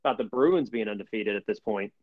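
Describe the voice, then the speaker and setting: A man's voice: on the low side, fast, no echo. A man co-hosting a casual sports podcast, bantering and teasing his co-host. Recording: dull, lo-fi dry sound.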